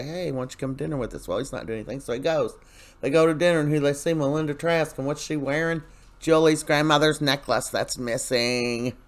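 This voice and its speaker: A man's voice: mid-range voice, smooth. A man casually recapping a soap opera episode, chatty and rambling, with many fillers and lines quoted from the characters.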